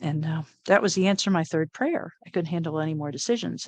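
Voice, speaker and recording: A middle-aged woman, an interview guest, telling a personal story in a lively way, often laughing and acting out what people said. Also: on the low side, brisk, slightly rough, no echo. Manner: animated, laughs often, acts out quoted lines.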